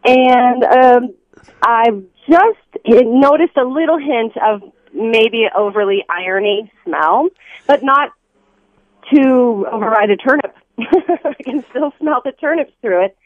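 A woman's voice: on the high side, takes it slowly, dry recording. Chatty woman on a phone line. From Southern United States. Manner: chatty, excited, rambling. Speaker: caller. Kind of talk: phone-in chat. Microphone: telephone.

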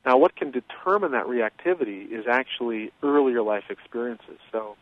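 Male expert guest, measured and explanatory, heard over a dry, phone-like line. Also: mid-range voice, no room sound. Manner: measured, explanatory, many fillers. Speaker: guest expert on childhood trauma. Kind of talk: interview explanation. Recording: tinny phone-line sound.

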